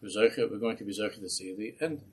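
A man's voice: lowish voice, fairly quick, darkish tone, a little hiss or hum. A man, a rabbi, teaching a Torah class in a passionate, rhetorical way. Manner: impassioned, rhetorical.

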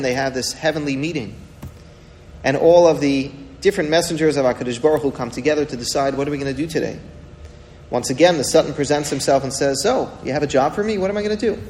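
Animated man teaching a Torah lecture. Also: a little high, long reverb tail, a little hiss or hum. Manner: animated, rhetorical questions, dramatic retelling. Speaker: rabbi teaching a Torah class.

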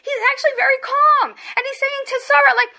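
A woman teaching a lesson on biblical texts, animated and acting out the voices in the stories she explains. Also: very high voice, a little fast, vocal fry. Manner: animated, acts out quoted voices of biblical figures. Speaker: Torah teacher. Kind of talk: text study lesson.

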